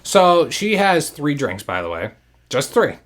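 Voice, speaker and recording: Animated, rambling male podcast host. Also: a little high, a little slow. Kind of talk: casual storytelling chat.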